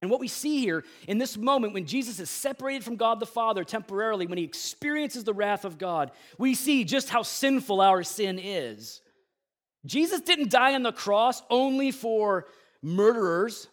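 A pastor preaches a Good Friday sermon with intense, swinging energy, dropping casual asides and slang between loud, emphatic lines and quiet, low ones. His delivery is expressive and moves at a normal speed.

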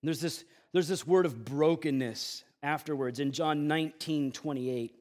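Man, high-pitched voice, sermon delivery, intense, loud then hushed, casual slang asides. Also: moderate pace. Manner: intense, swings between loud emphasis and low hushed lines. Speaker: pastor. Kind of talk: Good Friday sermon.

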